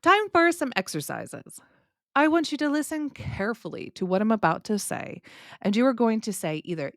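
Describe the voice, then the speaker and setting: A woman with a Californian accent touched by Southern US speech, hosting a podcast English lesson in a lively, demonstrative way and stressing words to teach. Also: mid-range voice, brisk, dry recording, clean studio sound. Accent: Californian with light Southern US touches.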